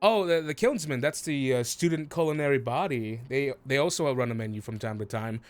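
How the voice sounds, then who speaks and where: A man's voice: mid-range voice, lively intonation, fairly quick, dry recording, soft background music. A man narrating a tabletop role-playing game as game master, rambling and hesitant with many fillers.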